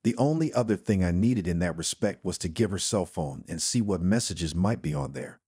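A man tells a first-person story in a steady, plain manner. His voice sits on the low side and has a husky grain. The recording is close and dry with no room sound. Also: normal speed, dry recording. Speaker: narrator.

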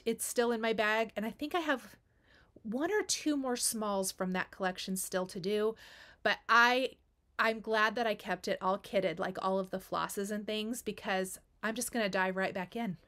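A woman's voice: mid-range voice, measured pace, a bit bright. A woman hosting a cross stitch video, chatting casually and gushing over her finished pieces, repeating words for emphasis. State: has the hiccups. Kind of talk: casual show-and-tell chat.

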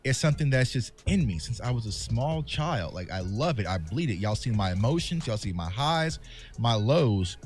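A man's voice: medium pitch, sing-song, normal speed, darkish tone, faint music behind. A man who makes sports videos, speaking candidly and passionately to his viewers in a vlog monologue. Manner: impassioned, candid, calls viewers "y'all". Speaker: sports content creator. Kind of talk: emotional vlog monologue to fans.

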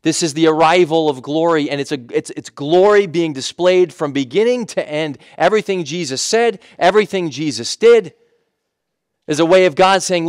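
A man's voice: on the high side, moderate pace, dry recording, clean studio sound. A man preaching a sermon in a conversational way, with emphatic repetition and frequent self-corrections. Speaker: pastor.

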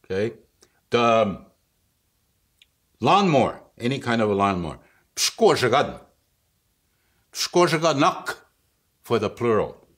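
A man's voice: mid-range voice, big pitch swings, slow pace, long pauses, a bit bright, breathy edge. A man giving a casual vocabulary lesson, patient and chuckling often, checking in with the listener after each word. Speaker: language teacher.

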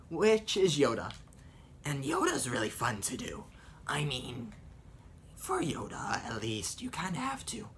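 Very animated yet keeping a measured pace, the young man talks casually about the voice impressions he does as a vlogger, rambling and leaning on fillers. His pitch is a little high and his tone fairly bright, with slight hiss or hum audible.

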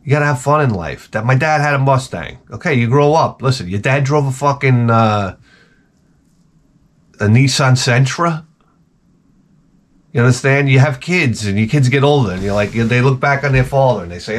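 Brief: middle-aged male vlog host, swears freely, rambles through comic stories, mid-pitched voice. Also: expressive, moderate pace. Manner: profane, ranting storyteller. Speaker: channel host. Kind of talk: rambling comedic monologue.

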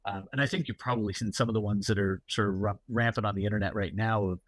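A man's voice: on the low side, fairly even intonation, fast, no echo. A middle-aged man, a guest security executive, talking casually and explaining at length with many fillers and anecdotes. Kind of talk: casual interview talk.

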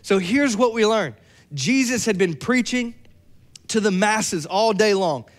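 A young adult man preaching a sermon, lively and joking with playful asides. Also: sits high, unhurried. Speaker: pastor.

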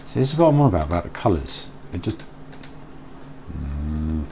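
Male streamer, deep voice, easygoing chat with viewers, thinks aloud, faint background noise. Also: very animated, normal speed, gravelly, warm tone. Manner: chatty, reads and answers chat aloud, mutters while working. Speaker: live streamer. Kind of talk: casual live-stream chat while building in a game.

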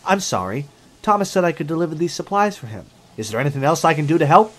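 A man voicing an eager, humble little old male tram engine, excitable and breathless, over background music. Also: fairly high pitch, fast talker, voice pushed up.

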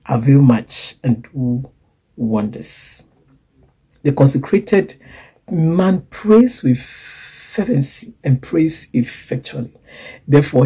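A woman preaching a sermon, swinging from loud emphasis to hushed whispers and acting out the voices she quotes. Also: deep voice, animated, unhurried, husky, rough recording. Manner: acts out quoted voices and laughs between points.

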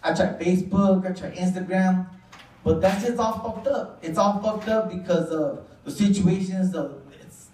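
A man's voice: sits high, moderate pace, a little mellow, a little hiss or hum. A man with a Chicano English accent doing a profane, rambling, self-deprecating stand-up set on a club stage. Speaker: stand-up comedian. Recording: roomy club sound, mic far off, crowd laughing. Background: audience laughter.

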